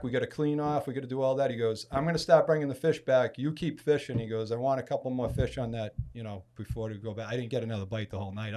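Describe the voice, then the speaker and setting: A man from Massachusetts on a podcast, telling a long fishing story in a casual, animated way and acting out other people's lines. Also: mid-range voice. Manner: animated storyteller, acts out quoted speech with loud bursts. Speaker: podcast guest.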